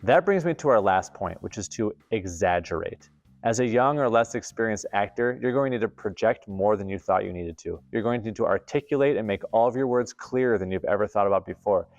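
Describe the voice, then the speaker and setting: A man hosting a theater camp lesson, explaining acting technique in clear, deliberate scripted narration. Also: fairly low pitch, a little mellow, dull audio, faint music behind.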